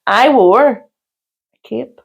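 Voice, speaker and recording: A woman's voice: fairly high pitch, takes it slowly, creaky, muffled recording. A woman co-hosting a podcast in casual chat, teasing her co-host and giggling through the banter.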